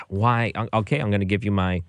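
A man's voice: fairly low pitch, steady tone, quick pace, no room sound, clean studio sound. A man hosting a show, giving casual music commentary with a sarcastic, exasperated manner. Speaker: radio or podcast host.

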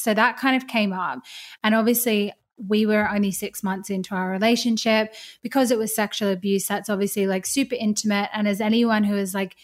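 A woman's voice: medium pitch, fairly even intonation, moderate pace. A woman guest on a podcast, sharing her experience in an open, reflective and casual way. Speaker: podcast guest, business owner. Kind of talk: casual interview chat.

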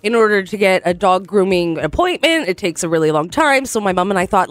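A woman co-hosting a radio show, teasing her partner and telling animated stories. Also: medium pitch, brisk, no room sound. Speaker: radio co-host. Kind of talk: casual radio banter.

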